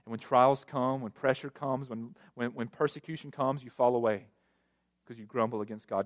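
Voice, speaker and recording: A male pastor preaching a sermon, emphatic, with sweeping rises in pitch and loudness and repeated phrases for effect. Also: steady tone, normal speed, dull audio.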